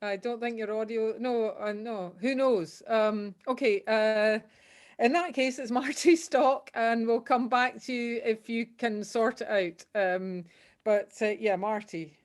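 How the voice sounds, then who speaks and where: A woman hosting an online folk session over a video call, unhurried and filling pauses with ums. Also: a little high.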